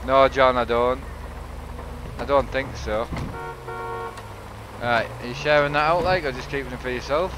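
A man's voice: medium pitch, fairly even intonation, moderate pace, long pauses, noisy background. A man with a British accent chatting and swearing casually while gaming online with friends. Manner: swearing, laughing banter. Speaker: gamer.

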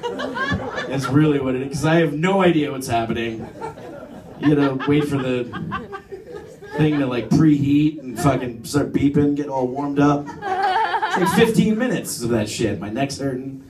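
A man's voice: mid-range voice, big pitch swings, a little slow. A young man doing a crude, rambling stand-up set. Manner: crude, rambling, self-deprecating delivery. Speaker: stand-up comedian. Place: comedy club stage. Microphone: phone camera from the audience. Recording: roomy club sound, phone from far off. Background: crowd laughing.

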